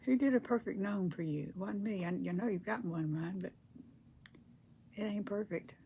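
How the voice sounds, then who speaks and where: A woman's voice: mid-range voice, moderate pace, creaky, warm tone, a little hiss or hum. An older woman chats casually with viewers during a craft livestream, reading their comments aloud in a folksy way. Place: home craft table.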